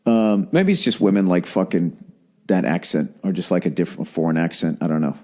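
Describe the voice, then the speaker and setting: Ranting solo on his podcast, this host rambles sardonically and swears a lot. His low voice is a little mellow, with lively intonation and a slightly fast pace.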